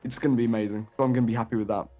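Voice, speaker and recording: A man as a guest on a casual podcast, easygoing and quick to laugh. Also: medium pitch, fairly even intonation, warm tone, soft background music.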